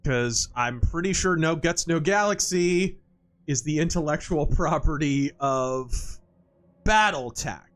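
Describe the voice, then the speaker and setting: A man's voice: fairly high pitch, unhurried, fairly bright tone. Sarcastic, foul-mouthed male game streamer. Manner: sarcastic, profane wisecracks. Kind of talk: live gameplay commentary.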